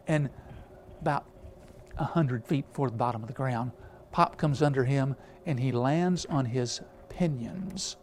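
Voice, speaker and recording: A man's voice: mid-range voice, measured pace, darkish tone, a little hiss or hum. A man preaching a storytelling sermon, rambling with many filler sounds and restarts.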